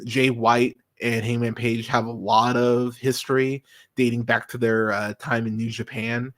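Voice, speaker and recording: Podcast host, young adult man, casual and profane, hesitant fillers but eager, mid-pitched voice. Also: fairly bright tone. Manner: enthusiastic, profane, lots of ums and restarts. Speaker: podcast host reviewing wrestling. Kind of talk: casual solo review.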